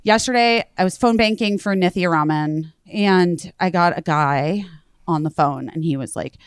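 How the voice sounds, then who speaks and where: A woman hosting a podcast, telling a story in casual chat, animated, acting out what others said and swearing freely. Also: lowish voice, moderate pace, smooth, no echo, studio quality. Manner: animated retelling, acts out quoted voices, swears freely. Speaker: podcast host.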